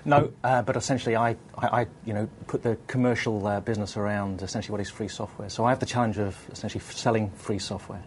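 A man speaks as a business guest, talking quickly but hesitantly and leaning on fillers. His voice sits a little low, with a faint hiss underneath. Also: fairly even intonation.

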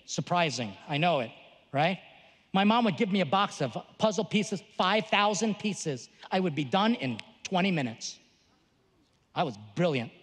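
Male priest speaker, bright high voice, animated delivery, joking teacher, echoing large hall. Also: moderate pace, slightly rough. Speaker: Catholic priest and conference speaker. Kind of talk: lively conference talk. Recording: long reverb of a large hall.

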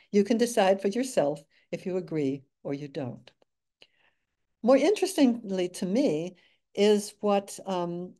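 An older woman giving an academic slide lecture, measured with dry asides and frequent fillers. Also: lowish voice, warm tone. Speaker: guest speaker.

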